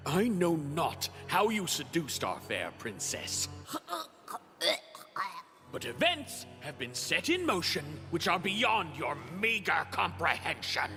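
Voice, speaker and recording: An actor playing a pompous, condescending noble knight who speaks in stiff formal phrasing, in an animated series. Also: male voice, fairly high pitch, slow, long reverb tail, soft background music, heavily acted. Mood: haughty.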